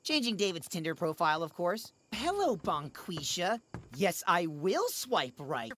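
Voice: mid-range voice, sing-song, unhurried, a bit bright, slight background noise. A sarcastic prankster. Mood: teasing.

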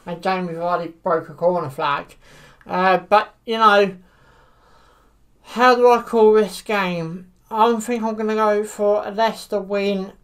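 A woman giving casual football predictions to camera, hesitant and full of fillers. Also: mid-range voice. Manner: hesitant, many fillers like "you know". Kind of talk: casual solo commentary to camera.

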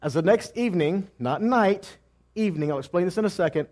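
A man with a high voice preaches a teaching sermon and often asks his listeners questions before answering them himself. He moves between loud cries and quiet asides. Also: expressive, brisk. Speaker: messianic teacher.

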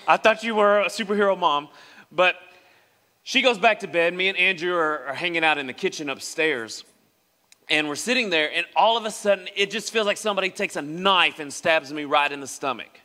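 A young man from West Tennessee, preaching as a pastor and telling a personal story in an animated way, acting out the voices of the people in it. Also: on the high side, a little fast. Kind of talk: sermon storytelling. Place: church sanctuary. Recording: long reverb of a church hall.

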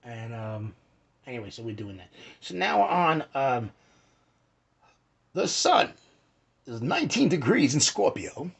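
Man, gravelly husky voice, lively swinging pitch, casual rambling talk, swears a lot. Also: measured pace, pauses often. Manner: animated, swearing, acts out quotes with sudden shouts and whispers. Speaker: host of an astrology talk.

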